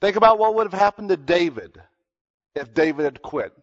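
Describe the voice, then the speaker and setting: A man preaching a sermon, telling a story earnestly, dropping his voice low and then rising for emphasis. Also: animated, fairly quick. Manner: earnest storytelling, drops to near-whispers and rises for emphasis. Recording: dull lo-fi recording.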